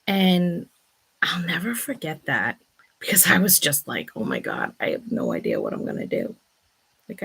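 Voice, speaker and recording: A woman's voice: sits low, vocal fry. A woman in her thirties telling a personal story in a chatty, casual vlog, often exclaiming "oh my God.". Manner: chatty, breathless retelling with many "oh my God"s. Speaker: vlog host. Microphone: new microphone being tested.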